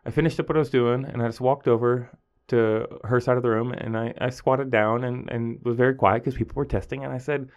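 Animated storytelling teacher. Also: male voice, fairly quick, dull audio. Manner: animated storytelling, acting out students in a higher voice. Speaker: high school teacher. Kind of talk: casual podcast monologue.

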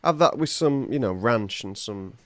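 Wry guy chatting on a podcast, voice bounces around a lot, deadpan storyteller. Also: mid-range voice, moderate pace. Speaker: podcast co-host. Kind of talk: casual podcast chat.

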